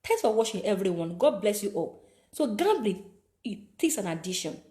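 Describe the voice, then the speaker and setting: A woman's voice: medium pitch, very animated, normal speed, mellow. A woman with a Nigerian accent giving preachy life advice, repeating phrases for emphasis. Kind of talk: motivational talk to camera.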